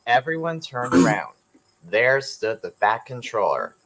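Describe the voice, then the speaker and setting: A man narrating a storybook tale in a lively, dramatic manner. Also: mid-range voice, a little slow, low-quality recording. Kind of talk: storybook reading.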